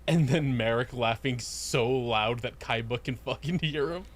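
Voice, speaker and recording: A man's voice: mid-range voice, unhurried. A man co-hosting a casual podcast chat, joking and swearing freely, recorded on a home mic. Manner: joking, swears a lot, jumps into silly quoted voices. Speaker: podcast co-host.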